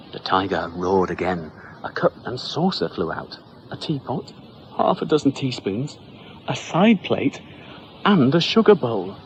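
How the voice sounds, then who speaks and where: Expressive man reading a children's story. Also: mid-range voice, a little slow, muffled recording, a little hiss or hum. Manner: expressive and playful.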